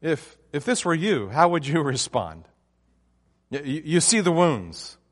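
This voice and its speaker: A man's voice: on the high side, sing-song, unhurried, big-room sound. A man preaching a sermon, emphatic and often restarting his phrases. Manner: emphatic, with frequent restarts and fillers.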